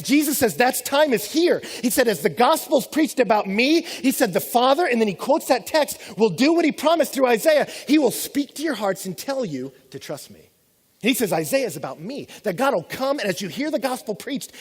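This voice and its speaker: A man preaching a sermon as pastor, lively and animated, acting out the voices he quotes. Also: high voice. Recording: long hall reverb.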